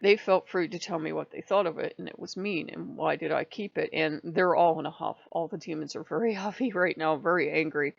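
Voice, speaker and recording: A woman's voice: sits low, brisk, creaky, hardly any pauses, no echo. A woman hosting her own channel, telling a long casual story in a rambling way and laughing often between lines. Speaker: channel host. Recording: dull lo-fi dry recording.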